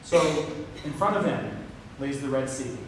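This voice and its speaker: A man preaching a sermon, telling a story and voicing quoted lines with a higher pitch. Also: a little slow. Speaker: pastor. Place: church sanctuary. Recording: echoey hall from far off with noise.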